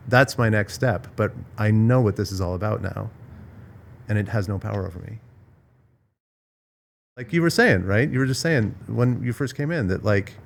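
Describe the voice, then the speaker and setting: A male podcast host with a fairly low pitch and vocal fry speaks at normal speed, pausing often, over a little hiss or hum. In this casual, reflective conversation at a villa in Bali, he searches through ideas thoughtfully, restarting and repeating phrases frequently.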